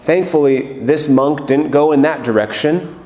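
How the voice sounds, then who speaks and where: A man preaching a gentle, earnest homily as a priest, leading his congregation into prayer. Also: on the high side, moderate pace. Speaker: Catholic priest. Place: large church. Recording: echoey church, long reverb.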